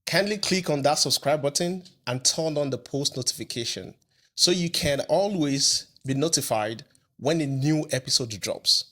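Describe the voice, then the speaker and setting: A man's voice: mid-range voice, a bit bright. A man hosting a podcast in a studio, chatting casually in a playful, rambling way with many restarts. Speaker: podcast host. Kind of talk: casual interview chat.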